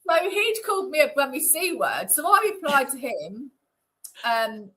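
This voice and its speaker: A woman's voice: high-pitched, sing-song, a little slow, bright, forceful tone, poor audio. A woman being interviewed, talking in a chatty, indignant way with lots of fillers. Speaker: interview guest. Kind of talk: conversational interview. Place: Northamptonshire.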